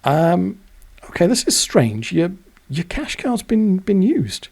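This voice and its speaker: A man voicing a chirpy young female bank clerk who sounds brisk and helpful in a high, sing-song voice. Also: very animated, a little mellow, slightly rough, heavily acted.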